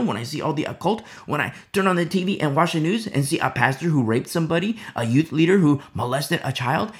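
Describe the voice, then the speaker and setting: A man's voice: fairly high pitch, pitched above the performer's own voice. A man voicing a scornful male non-believer who fires off indignant, mocking questions.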